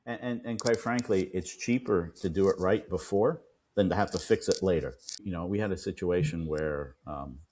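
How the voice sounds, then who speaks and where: A man, an attorney and podcast guest, telling a client story with lively quoted dialogue. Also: deep voice, normal speed, slight background noise. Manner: animated retelling, acts out quoted dialogue. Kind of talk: storytelling in an interview.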